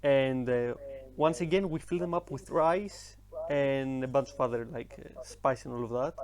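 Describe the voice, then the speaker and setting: A man from Greece with a Greek accent, chatting casually on a podcast, pausing to hunt for words and swearing now and then. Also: mid-range voice, a little mellow. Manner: halting, searching for words, profane.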